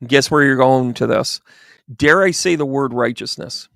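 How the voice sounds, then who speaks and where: A medium hosts a livestream of tarot reading and chat, bringing his stories to life by acting out the voices in them. His mid-range voice is creaky and moderately paced, in a dry, clean studio recording.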